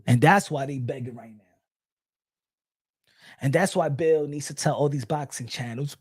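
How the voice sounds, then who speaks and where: A man's voice: medium pitch, animated, moderate pace, pauses often, a little mellow, husky, dry recording, clean studio sound. A man giving a casual boxing opinion rant, blunt, profane and mocking. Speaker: boxing commentator.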